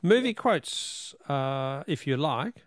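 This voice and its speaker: A man hosting a radio quiz, upbeat with quick banter. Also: fairly high pitch, big pitch swings, no room sound, clean studio sound. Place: radio studio.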